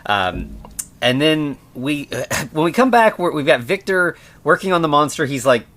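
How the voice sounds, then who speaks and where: A man's voice: a little high, very animated, moderate pace, a bit bright, a little hiss or hum. A man co-hosting a podcast, chatting casually about a film, with many fillers and restarts as he talks. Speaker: podcast co-host. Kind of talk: casual chat reviewing a film.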